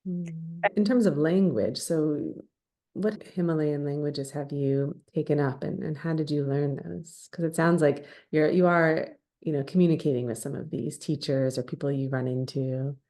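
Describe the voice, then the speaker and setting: A woman host asks curious, encouraging interview questions. Her voice is very low and gravelly, with a dark, mellow tone. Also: moderate pace. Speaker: podcast host.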